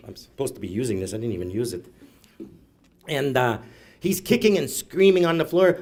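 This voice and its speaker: A man's voice: fairly high pitch, very animated, fast, darkish tone. A middle-aged man doing stand-up storytelling, rambling and self-mocking, tagging "eh" onto his lines. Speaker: comedian. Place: live event room.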